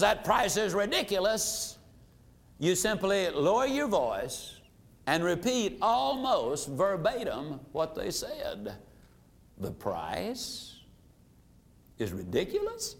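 Emphatic high-voiced male sales trainer. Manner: emphatic, repeats phrases for effect, slows down on key points. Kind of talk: motivational sales lesson.

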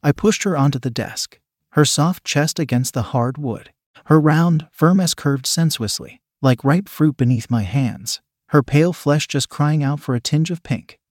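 A man's voice: fairly high pitch, a little slow, a little mellow, dry recording. Man reading a story, dry close sound. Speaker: story narrator. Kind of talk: first-person erotic story reading.

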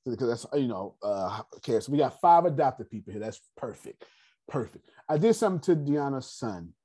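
A man leading a class in a casual, animated way, telling stories and talking straight to his audience. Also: mid-range voice, fairly quick, slightly rough. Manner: animated, digressive, addresses the audience directly. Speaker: class leader. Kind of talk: casual teaching and storytelling.

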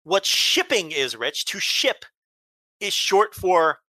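A man's voice: high-pitched, very animated, slow pace, bright, forceful tone. A man hosting a wrestling podcast, ranting bluntly with heavy swearing and exasperation. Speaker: podcast host. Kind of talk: casual chat, ranting.

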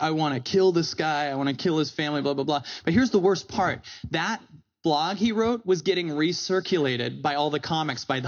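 A man giving a motivational talk with comic asides on stage, animated and acting out quotes in different voices. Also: on the high side, highs cut off. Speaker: speaker. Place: stage before a live audience.

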